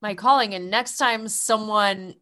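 A woman's voice: medium pitch, measured pace, bright, forceful tone, no room sound, clean studio sound. A woman co-hosting a casual podcast, a little tipsy, teasing and loose as she talks. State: slightly tipsy. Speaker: podcast co-host.

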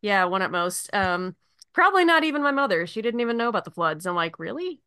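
A woman's voice: medium pitch, animated, quick pace, sharp tone, clear, resonant tone, no echo. A woman co-hosting a casual podcast, ranting and swearing freely and laughing often. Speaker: podcast co-host.

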